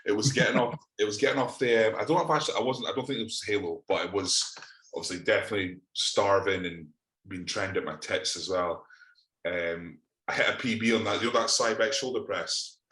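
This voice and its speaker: Scottish man, low voice, casual sweary banter, echoey room. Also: a little fast, a bit bright. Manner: sweary, laughing storyteller. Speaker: podcast co-host. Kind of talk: casual chat.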